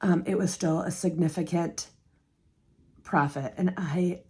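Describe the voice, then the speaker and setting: Soft-voiced woman counting cash aloud. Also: lowish voice, fairly even intonation, a little slow. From United States. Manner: emotional and grateful, counting aloud. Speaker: budgeting vlogger. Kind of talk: casual chat to camera while counting cash.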